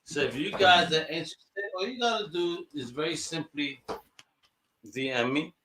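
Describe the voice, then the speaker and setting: A man co-hosting a live show, chatting excitably in slang while selling comic books. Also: on the high side, normal speed, reverberant, background noise. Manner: excitable, slangy, says "bro" and "yo". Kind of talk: casual live show chat.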